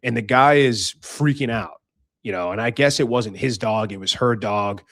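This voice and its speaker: A man's voice: medium pitch, normal speed, fairly bright tone, no room sound, studio quality. A young man hosting a podcast, giving life advice in a blunt casual monologue, swearing freely and acting out voices. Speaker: podcast host.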